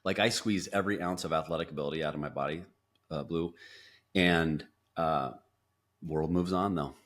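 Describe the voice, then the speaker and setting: A man's voice: extremely low pitch, normal speed. A man, a podcast guest, telling a personal story with lots of restarts and acted-out quotes. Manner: animated storyteller, acts out quotes, frequent restarts. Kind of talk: storytelling interview.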